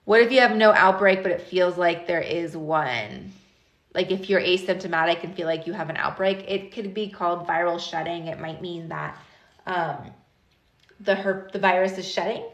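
A woman's voice: fairly low pitch, moderate pace. Chatty woman host in an echoey room. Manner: chatty, animated, talks straight to viewers. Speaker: host of a live stream. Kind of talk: casual live-stream talk.

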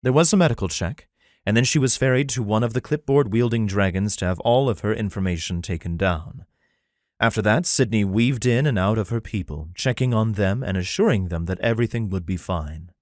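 A man narrating a fantasy romance audiobook in an even, plain storytelling manner. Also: on the low side, brisk, no room sound, clean studio sound. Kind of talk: scripted narration.

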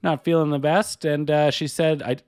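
A man's voice: fairly high pitch, level tone, normal speed, darkish tone, clear, resonant tone. Wry, easygoing male podcast co-host. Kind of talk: casual chat.

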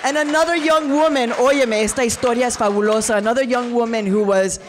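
A woman's voice: on the high side, steady tone, fast, crowd noise, noisy background. A woman delivering a passionate keynote speech, mixing in Spanish phrases and acting out quoted voices. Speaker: keynote speaker. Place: large event hall with audience.

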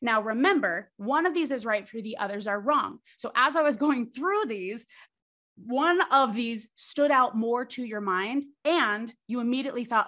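A woman's voice: on the high side, expressive, normal speed, a bit bright. A woman, a podcast guest, explaining with animation and tagging her points with "right?". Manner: acts out quoted voices. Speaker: podcast guest, charisma coach. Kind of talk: explanatory interview talk.

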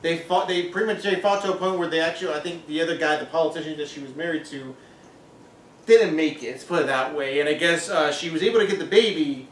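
A man's voice: a little high, quick pace, fairly bright tone, a little hiss or hum. Laid-back man chatting, echoey room. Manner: laid-back, agreeing, repeats "pretty much". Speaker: co-host of a reaction show. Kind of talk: casual recap chat. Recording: echoey room, mic at a distance.

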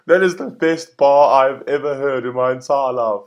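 A man hosting a reaction video, often laughing and breaking into excited exclamations. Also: mid-range voice, a little slow. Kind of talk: reaction commentary.

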